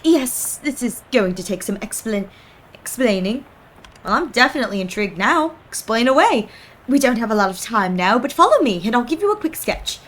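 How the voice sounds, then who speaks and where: A woman's voice: on the high side, sing-song, moderate pace, fairly bright tone. Woman voicing a chatty young shopkeeper woman. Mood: friendly.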